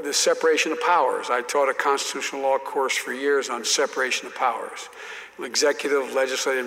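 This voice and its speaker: A man's voice: mid-range voice, fairly bright tone, long reverb tail. A man in his seventies, a guest telling anecdotes in an interview, often repeating and restarting words. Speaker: interview guest, former politician. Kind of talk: anecdotal storytelling in conversation.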